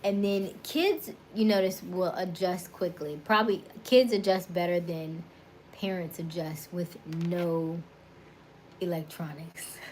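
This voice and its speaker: A woman in her thirties from Florida, speaking with a Florida accent, hosts a casual livestream, reading viewer comments, laughing often and greeting people by name. Her fairly low voice is steady, slow and a little mellow, with slight hiss or hum.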